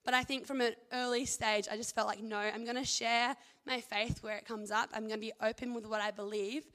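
A young adult woman with a fairly high, slightly bright voice shares her faith testimony and reads scripture, speaking a little fast with fairly even intonation. Earnest and chatty, she rambles and leans heavily on "like" and "I think," her words ringing with a hall's long reverb.

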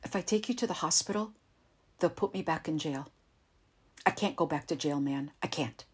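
A woman's voice: low-pitched, normal speed, husky. A woman voicing a desperate, volatile male ex-con who holds a gun, blunt and pleading. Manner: blunt, pleading, repeats "man".

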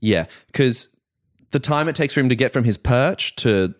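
A man's voice: medium pitch, normal speed. A man co-hosting a casual podcast, recapping a TV episode with jokes and acted-out quotes. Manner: animated, joking, acts out quotes. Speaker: podcast co-host. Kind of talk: casual chat recapping a TV show.

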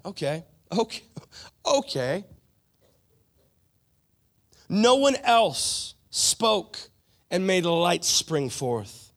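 Animated, high-voiced male preacher. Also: takes it slowly, long pauses. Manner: animated preaching, conversational asides and playful impressions. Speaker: pastor. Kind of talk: sermon.

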